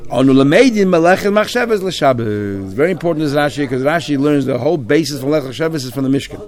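Fast-talking man debating a Talmud passage. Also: on the high side, animated. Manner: argumentative, questioning, mixes Hebrew and Yiddish terms. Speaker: Torah study teacher. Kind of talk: Talmud study discussion.

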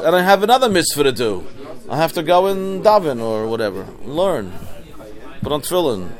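Man teaching Talmud, rather high voice. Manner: translating Aramaic phrase by phrase, explanatory. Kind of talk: Talmud study class.

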